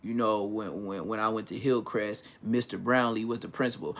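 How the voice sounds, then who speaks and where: A man in his forties telling street stories in a casual, animated way, full of profane slang. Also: lowish voice, normal speed, hardly any pauses. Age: 40s. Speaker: vlogger. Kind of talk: casual storytelling.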